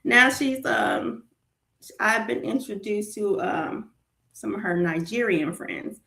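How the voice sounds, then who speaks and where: Animated Southern woman, roomy echo. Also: medium pitch, slow pace, vocal fry. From Southern United States. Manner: animated, laughing, rambling with fillers. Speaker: guest. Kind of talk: casual chat.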